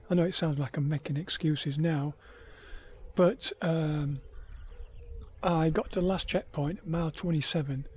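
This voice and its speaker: A man's voice: fairly high pitch, a little mellow, breathy edge. A man, worn out after heatstroke, vlogging about his ultra run in a rambling, hesitant way with many ums. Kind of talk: casual self-filmed vlog.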